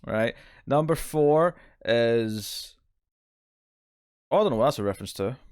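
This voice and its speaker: Animated man recapping a show. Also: mid-range voice, measured pace, clear, resonant tone, dry recording, clean studio sound. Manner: animated, laughs often, acts out characters' lines. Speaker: podcast co-host. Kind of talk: casual review chat.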